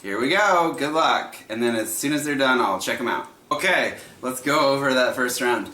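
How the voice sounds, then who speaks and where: Chatty trivia host, bright roomy voice. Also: male voice, mid-range voice, expressive, moderate pace. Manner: chatty, laughs often, repeats questions. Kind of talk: livestream trivia hosting.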